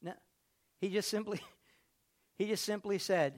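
A man preaching a sermon, telling a story and swinging between hushed delivery and loud, raised passages. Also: high-pitched, unhurried, long pauses.

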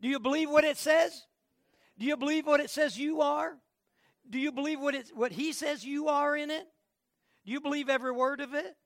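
A male pastor preaching an Easter sermon, swinging from quiet passages to shouted declarations and rapid questions to the congregation. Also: very high-pitched, steady tone, no room sound, clean studio sound.

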